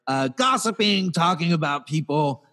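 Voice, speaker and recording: A man's voice: fairly high pitch, normal speed. Man ranting animatedly with room reverb. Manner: animated storytelling, acts out quoted people in raised voices. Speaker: podcast co-host. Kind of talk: casual comedic rant.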